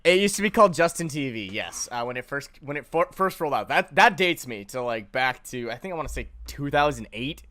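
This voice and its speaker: A man's voice: medium pitch, expressive, a little fast, few pauses, pushed and bright. A twenty-year-old man, a guest streamer, chatting casually and joking around on a podcast. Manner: joking, rambling, easygoing. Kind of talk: casual chat.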